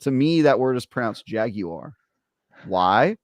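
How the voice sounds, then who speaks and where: A man's voice: fairly low pitch, moderate pace, no room sound, studio quality. A man co-hosting a gaming podcast in casual chat, rambling through stories and poking fun at himself. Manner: rambling, self-deprecating storyteller. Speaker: podcast co-host.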